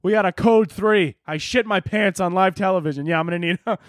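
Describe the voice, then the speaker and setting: A crude, offhand older politician, as a man mocks him up in a comedy podcast. He talks casually about embarrassing things in a high, dry voice. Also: a little fast, no room sound, natural voice. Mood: joking.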